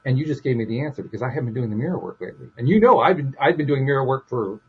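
A man with a very raspy, breathy voice speaks openly and candidly as a podcast host. His audio sounds dull and lo-fi. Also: medium pitch, lively intonation, racing. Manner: open, confessional, many restarts. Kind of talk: casual chat.

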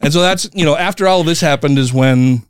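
A man telling a story in casual chat, heated and profane, retelling an angry run-in with lively animation. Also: fairly high pitch, fast, clean tone, dry recording, studio quality.

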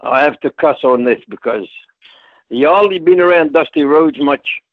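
The audio has phone-quality sound with no echo. An older retired wrestler from Scotland, a guest in a casual interview, speaks unhurriedly in a voice on the high side. He tells rambling, folksy stories and slips into voices for the people in his anecdotes.

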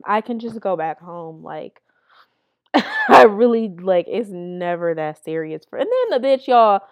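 A young adult woman hosting a podcast, telling candid stories in a blunt, profane way and laughing as she goes. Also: fairly high pitch. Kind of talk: candid storytelling chat.

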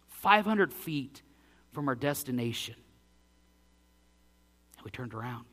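A man in his forties, a pastor telling a personal story in a sermon, animated and self-deprecating. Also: medium pitch, measured pace, pauses often. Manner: animated, self-deprecating, acts out his own breathless lines.

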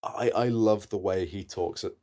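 Man, podcast co-host, casual film talk, low voice, eager, repeats words. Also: moderate pace, mellow. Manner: eager, talks over others, repeats words.

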